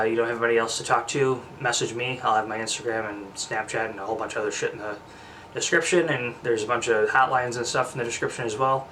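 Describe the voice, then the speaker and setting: A young man talks to his vlog viewers in a loose, rambling way, short of breath, with a bright, forceful tone. He sits a little back from the mic, and a faint room ambience hangs behind him. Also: mid-range voice, distant mic, a little hiss or hum. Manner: rambling, frequent fillers and restarts, occasional swearing. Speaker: vlogger. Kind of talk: casual vlog chat.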